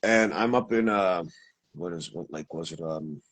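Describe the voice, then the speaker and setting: A man's voice: sits low, a little slow, fairly bright tone, low-quality recording. A man from Montana casually telling a long personal story, rambling, with many asides and self-corrections. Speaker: guest telling an encounter story.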